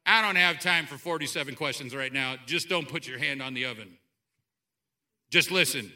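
A man preaching a sermon to a church congregation, animated, swinging between loud outbursts and quiet asides. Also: mid-range voice, normal speed. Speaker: pastor. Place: church sanctuary.

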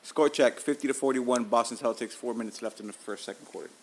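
Male podcast host, 30s, mid pitch, casual, profane, animated storyteller. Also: quick pace, husky. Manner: profane, animated, tells stories with acted-out quotes.

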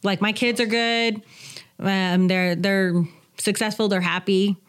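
A woman in her forties, a business owner and guest on a podcast, telling stories in an animated, chatty way with frequent laughs. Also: mid-range voice, slow pace, clean tone. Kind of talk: casual interview storytelling.

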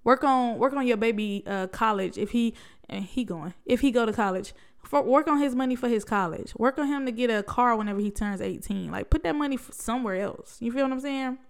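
A woman's voice: on the high side, a little fast, creaky, clean tone. A young adult woman hosts a solo podcast, talking in a conversational, reflective way full of rhetorical questions. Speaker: podcast host.

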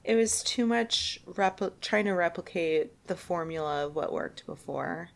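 A woman's voice: lowish voice, unhurried, vocal fry. A young woman co-hosting a podcast in casual chat, laughing often. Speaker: podcast co-host.

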